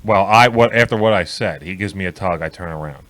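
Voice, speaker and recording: A man's voice: deep voice, brisk. A man co-hosting a casual sports talk podcast, telling long, profane stories with lots of restarts. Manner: rambling, profane, animated storytelling with many restarts. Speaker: co-host.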